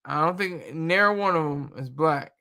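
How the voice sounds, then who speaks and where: Gravelly, bright-voiced man riffing casually. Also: fairly high pitch, moderate pace. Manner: animated, joking, rambling with fillers. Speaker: livestream host reacting to news. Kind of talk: casual livestream commentary.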